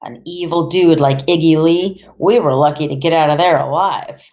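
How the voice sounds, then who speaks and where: A woman's voice: low voice, moderate pace, a little mellow, close to an everyday voice. A woman reading an audiobook, voicing a small, clever boy who talks in a boastful, theatrical way. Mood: cocky.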